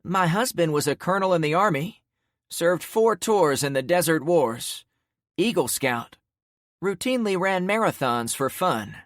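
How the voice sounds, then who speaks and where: A woman's voice: lowish voice, lively intonation, a little slow, no echo, clean studio sound, pitched above the performer's own voice. A man voicing a grieving widow in a neighborhood crowd, with raised, strained pleading delivery. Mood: insistent.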